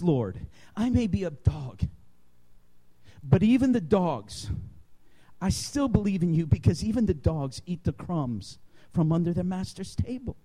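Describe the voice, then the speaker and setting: A man preaching a sermon, impassioned and emphatic, at times raising his voice to a shout. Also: high voice.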